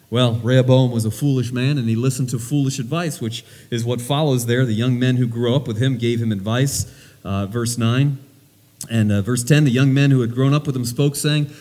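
Man preaching in a reverberant hall. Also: medium pitch. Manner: animated, paraphrasing scripture in plain everyday words. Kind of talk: sermon.

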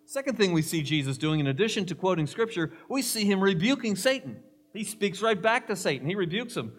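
A man's voice: high voice, big pitch swings, brisk, breathy edge. A male pastor preaching a sermon, emphatic, mixing scripture with humorous stories.

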